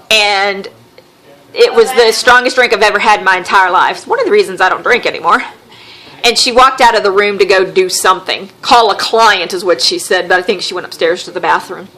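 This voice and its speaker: A podcast host with a Southern American accent tells a story in a casual, wry tone, her voice at a middle pitch. She is animated and acts out the voices of the people she quotes.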